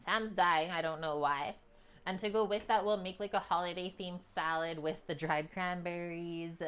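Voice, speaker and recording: A woman's voice: fairly low pitch, fairly even intonation, normal speed, fairly bright tone, smooth. Chatty woman hosting a cooking stream. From Canada. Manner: chatty, loose, with frequent "like" fillers. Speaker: cooking livestream host. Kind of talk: casual stream chat. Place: home kitchen.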